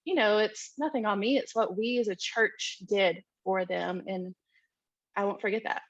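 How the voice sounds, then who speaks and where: A woman on a mission team telling a story in an interview, chatty and animated, with many ums and likes. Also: mid-range voice, moderate pace, dry recording, dull audio. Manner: chatty, full of "um" and "like", animated retelling. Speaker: mission trip team member.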